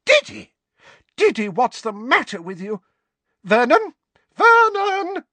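A man voicing a fussing middle-aged housewife with a shrill, quavering voice, in an audiobook. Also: wildly swooping pitch, slow, sharp tone, dry recording, heavily acted. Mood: shrieking panic.

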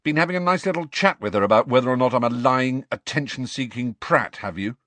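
A man's voice: medium pitch, fairly quick, a bit bright, no echo, pitched above the performer's own voice, close to an everyday voice. A man voicing a touchy, sarcastic teenage boy in a storybook reading. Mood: moody. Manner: defensive, sarcastic.

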